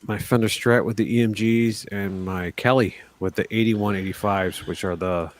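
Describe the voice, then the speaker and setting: A man's voice: on the low side, steady tone, moderate pace. A man hosting a live stream, teasing his guests and telling stories in casual chat. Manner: joking storyteller, teasing.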